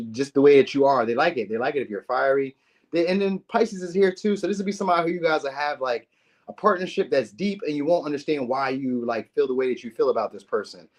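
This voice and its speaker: A man rattling off a tarot reading at a quick clip, loose and chatty. His pitch sits in the middle of the range. He talks in slang, swears casually and keeps checking in with the viewer. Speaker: tarot reader.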